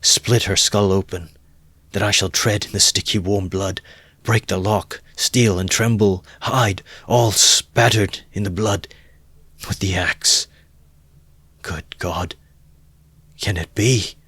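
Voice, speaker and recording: A man's voice: lowish voice, steady tone, measured pace, fairly bright tone, husky, no echo. A man voicing a tormented young man, anguished and breathless after a nightmare.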